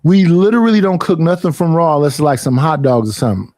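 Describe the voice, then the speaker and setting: A young man talks at an unusually high pitch for a man, swearing freely as he vents in a casual streaming rant. The sound is dry and close, with no room around it. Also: fast, no echo. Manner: profane, animated complaining.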